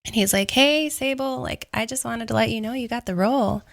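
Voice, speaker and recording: A woman's voice: a little high, brisk, gravelly. A woman, a guest actress on a talk show, chatting casually and animatedly acting out quotes as she tells stories on set. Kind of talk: casual chat. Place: studio set.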